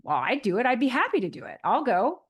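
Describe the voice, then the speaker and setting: A woman's voice: on the high side, very animated, fast, slightly rough, exaggerated voice. Eager young ant guy, earnest, inventive, cartoon hero, as a woman quotes him.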